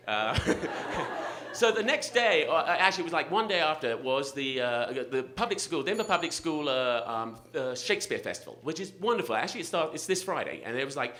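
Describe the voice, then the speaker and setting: A man's voice: on the high side, very animated, moderate pace, bright, forceful tone, a little hiss or hum. A middle-aged man telling a comic personal story live at a story slam, self-mocking and laughing through his lines, on a stage microphone in a restaurant event space.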